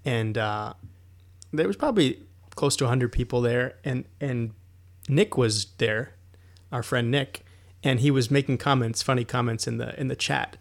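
A man's voice: mid-range voice, moderate pace, vocal fry. A man co-hosting a podcast, making dry, sarcastic remarks in casual chat. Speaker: podcast co-host.

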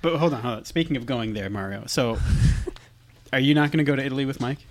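A man's voice: mid-range voice, quick pace. A man teasing a friend in a casual chat, laughing mid-sentence.

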